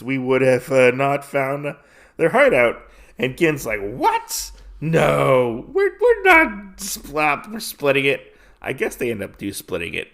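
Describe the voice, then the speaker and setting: Male podcast host, middle pitch, loose filler-heavy storytelling, dips into quick character voices. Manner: rambling, filler-heavy retelling. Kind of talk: casual comic recap.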